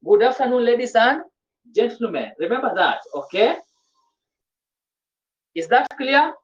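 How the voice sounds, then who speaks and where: Slow, repetitive woman teacher. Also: fairly high pitch, very animated. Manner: slow, repetitive, checks understanding often. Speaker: French teacher. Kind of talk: classroom language lesson. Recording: dull lo-fi recording.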